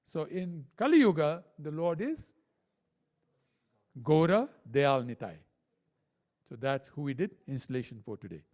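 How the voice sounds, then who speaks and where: High-voiced man preaching a temple sermon. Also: sing-song, a little mellow. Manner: keeps checking in with listeners with "right?"; explains slowly, counting out syllables. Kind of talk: devotional sermon to a congregation.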